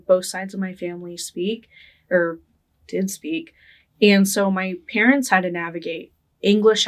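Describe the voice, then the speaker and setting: A young adult woman from Northern California, recalling her childhood in a relaxed, conversational oral history interview, often checking in with "right?". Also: medium pitch. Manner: conversational, often tags with "right?", laughs lightly. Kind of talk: reflective personal storytelling.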